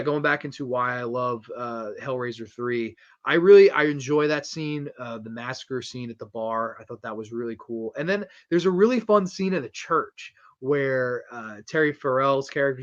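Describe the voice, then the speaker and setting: A man hosting a casual horror movie review livestream from home, rambling excitedly and swearing a lot. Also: mid-range voice, moderate pace, hardly any pauses, dull audio. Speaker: livestream host. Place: home streaming setup with posters behind.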